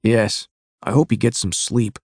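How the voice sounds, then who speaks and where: A man's voice: on the low side, steady tone, unhurried, gravelly, a little mellow, breathy edge, dry recording, clean studio sound, full character voice. A man voicing a tall, strong young police officer who speaks modestly and respectfully.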